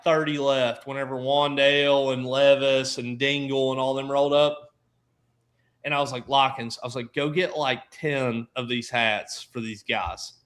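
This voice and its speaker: A man on a casual sports roundtable, telling animated stories and acting out quotes from friends. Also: mid-range voice. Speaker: podcast panelist.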